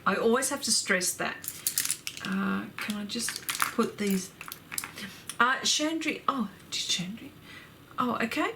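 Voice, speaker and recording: A woman's voice: fairly high pitch, animated, slow pace, creaky, pauses often, noisy background. Gushing, chatty woman. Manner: effusive, chatty, laughs often, reads out viewer comments. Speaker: artist hosting a livestream. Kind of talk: casual livestream chat.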